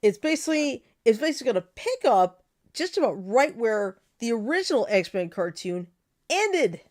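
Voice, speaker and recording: A woman co-hosting a casual talk show, chatting with animated delivery and frequent laughter. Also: fairly high pitch, normal speed. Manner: animated, laughs often, quotes cartoon lines. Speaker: podcast co-host. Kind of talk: casual chat.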